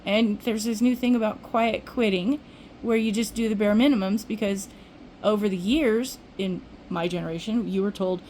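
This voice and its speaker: A woman's voice: mid-range voice, steady tone, normal speed, darkish tone, a little hiss or hum, rough recording. An older woman vlogging, telling a rambling everyday story in casual chat with restarts. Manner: chatty, rambling, with restarts and acted-out quotes.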